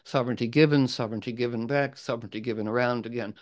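A man storyteller voicing an enchanted old woman who bargains boldly, in a raised, louder voice. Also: medium pitch, steady tone, very fast, natural voice. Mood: commanding. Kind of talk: oral storytelling.

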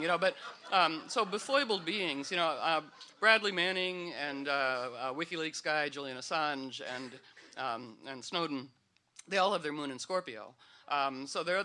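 Man, slightly high voice, live talk to an audience, rambling, playful, lots of fillers. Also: pushed and bright. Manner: meandering with frequent fillers and restarts, playful. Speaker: speaker at a live gathering.

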